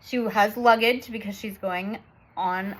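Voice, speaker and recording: A woman's voice: mid-range voice, fairly even intonation, a little slow. A woman in her thirties telling a family story in a chatty vlog, laughing often as she talks. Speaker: vlogger and mother.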